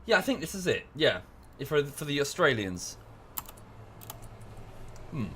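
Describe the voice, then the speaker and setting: A man's voice: a little high, very animated, measured pace, a bit bright, slight background noise. A young English man chatting casually with his stream chat while playing a strategy game, often correcting himself mid-sentence. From England. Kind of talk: casual livestream chat over gameplay.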